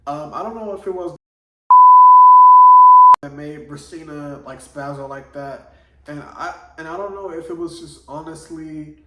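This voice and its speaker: A man's voice: on the high side, measured pace, pauses often, noisy background. A man vlogging, telling a personal story in a loose, slangy casual monologue full of "like". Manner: loose slangy delivery, heavy on "like". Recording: echoey room, voice from a distance.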